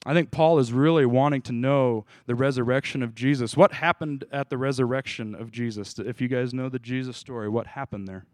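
A pastor with a medium-pitched, darkish voice preaches an informal sermon, talking briskly with few pauses. He keeps it casual and conversational, asking his group questions and restarting sentences, with no room sound in the recording.

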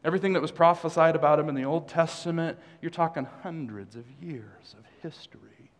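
A man's voice: fairly high pitch, a little fast, a little hiss or hum. Joking male pastor in reverberant church. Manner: conversational preaching with joking asides. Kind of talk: sermon. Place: church sanctuary. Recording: long hall reverb.

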